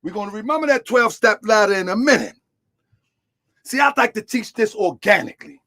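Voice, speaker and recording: A man preaching a sermon as a religious teacher, shouting key words, then dropping to quiet asides, and asking listeners to answer back. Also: high-pitched, a little fast. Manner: call-and-response questions to listeners.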